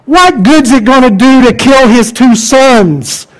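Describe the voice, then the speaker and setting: A man preaching a sermon, emphatic and conversational, asking the congregation rhetorical questions and dropping to quiet asides. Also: very high voice, lively intonation, slow, rough recording.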